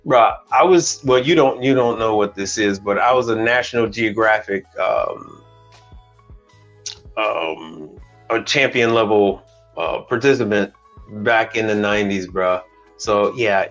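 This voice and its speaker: A man's voice: fairly low pitch, measured pace, highs cut off, faint music behind. A man hosting a casual livestream chat, talking bluntly and with a lot of swearing. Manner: blunt, profane, animated. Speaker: livestream host. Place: Houston, Texas.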